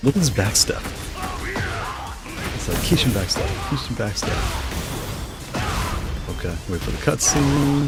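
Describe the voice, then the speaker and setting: A man giving excited, trash-talking play-by-play of his own fighting game matches. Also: medium pitch, a little slow, long pauses. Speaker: gaming channel host. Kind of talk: live gameplay commentary. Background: fighting game music and sounds.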